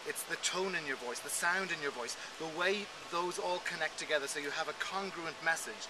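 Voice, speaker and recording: Man, voice coach, quick and animated, fairly high pitch, outdoor recording, traffic noise behind. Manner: animated, demonstrative, quick delivery. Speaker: voice coach guest. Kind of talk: conversational interview explanation. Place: outdoors in an urban area.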